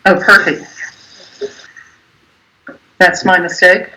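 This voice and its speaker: A woman's voice: lowish voice, flat delivery, slow, bright, forceful tone, low-quality recording. A woman organizing the party, speaking in a practical, apologetic way on a video call.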